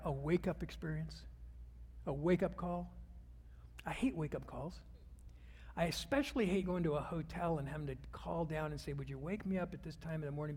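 High-voiced preacher in a reverberant hall. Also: male voice. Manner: storytelling, drops to a hushed voice for the retold scenes. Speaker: pastor. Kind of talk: sermon.

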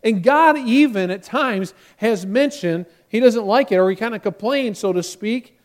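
A man's voice: sits high, unhurried. A man preaching a sermon as pastor, talking directly to his congregation and acting out quotes with rising force.

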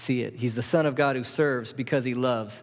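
A man's voice: medium pitch, fairly even intonation, brisk. Preaching man in a reverberant hall. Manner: emphatic, asks the congregation questions. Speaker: pastor. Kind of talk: sermon. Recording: dull sound with long hall reverb.

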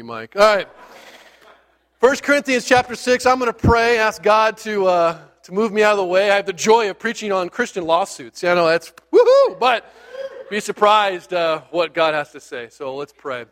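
A male pastor preaching a sermon in a church, talking loosely and with rising enthusiasm. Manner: loose, rambling and enthusiastic, grows louder and higher when fired up. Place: church sanctuary.

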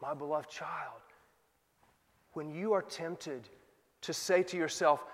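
A male pastor preaching a sermon, moving from loud emphatic questions to soft, quiet asides. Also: fairly high pitch, measured pace, pauses often, long reverb tail.

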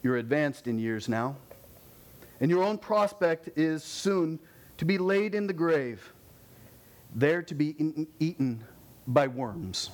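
A man preaching speaks the calm, earnest reply of a devout young missionary in his own voice. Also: a little high, slow pace. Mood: resolute.

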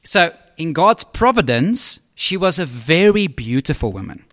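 Guy pastor preaching a sermon, chatty, keeps asking okay? right?, slightly high voice. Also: very animated, a little slow, a bit bright, no room sound, studio quality. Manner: conversational preaching, often checks in with the congregation.

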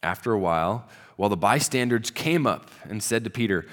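Guy preaching, chatty storytelling, goes soft and low on the heavy parts, long hall echo. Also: animated, brisk. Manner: conversational storytelling, drops to a soft low voice at solemn moments. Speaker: pastor. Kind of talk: sermon.

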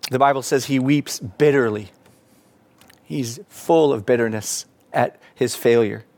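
A man preaching a sermon, earnest, rising to emphatic peaks and falling back soft. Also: mid-range voice, measured pace, no echo. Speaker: pastor.

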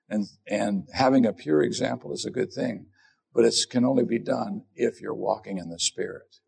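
A man's voice: medium pitch, vocal fry, breathy edge. A middle-aged man preaching a sermon as pastor, earnest and self-deprecating in a conversational way.

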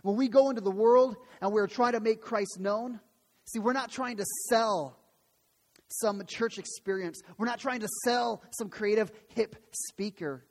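Man pastor preaching, earnest and emphatic, high voice, church echo. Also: measured pace. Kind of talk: sermon. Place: church sanctuary. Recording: long hall reverb.

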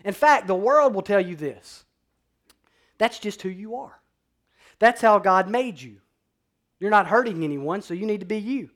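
A man pastor preaching a sermon, swinging between loud emphatic declarations and quiet, low-voiced passages. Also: lively intonation, unhurried, pauses often.

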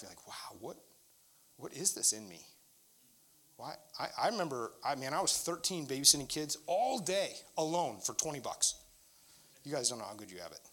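A man's voice: a little high, bright, forceful tone. A middle-aged male pastor preaching a sermon in a candid, conversational storytelling way.

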